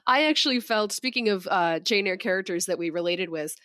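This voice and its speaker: A woman's voice: medium pitch, fairly quick, few pauses, a bit bright, dry recording. A woman from Minnesota co-hosting a podcast, telling a trip story in a chatty, giggly way. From Minnesota, USA. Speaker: podcast co-host. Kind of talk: casual chat.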